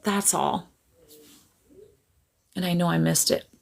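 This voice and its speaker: A woman's voice: lowish voice, steady tone, takes it slowly, vocal fry. A woman psychic medium chatting casually on a livestream. She laughs often, keeps apologizing and gets easily sidetracked, speaking to a camera on a tripod.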